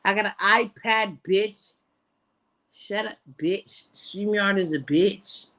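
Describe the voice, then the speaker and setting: A woman's voice: mid-range voice, slow pace, bright, forceful tone, no echo. A woman from New York, a guest on a livestream, talking brashly and profanely in rambling bursts. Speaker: stream guest. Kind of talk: casual stream chat.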